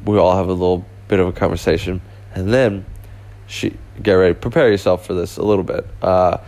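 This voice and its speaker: A man's voice: sits low, fairly even intonation, fairly quick, darkish tone. A young man casually telling a rambling story, full of fillers and restarts. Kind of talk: casual anecdote.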